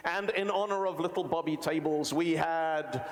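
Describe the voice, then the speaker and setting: A man hosting a live awards show, announcing winners in a playful, quick-witted way. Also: on the high side. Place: large indoor museum event hall. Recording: echoey hall with faint noise.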